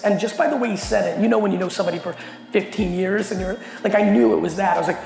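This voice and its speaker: A middle-aged man telling a story in a talk to a company audience, animated and full of swearing. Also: high-pitched, vocal fry. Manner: profane, animated, fast storyteller. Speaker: keynote speaker. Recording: echoey hall with long reverb, faint music.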